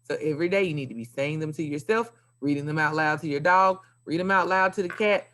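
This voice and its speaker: A woman's voice: sits low, fast talker, few pauses, fairly bright tone. A woman teacher giving a recorded video lesson to young pupils, upbeat and playful with sing-song emphasis. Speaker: elementary school teacher.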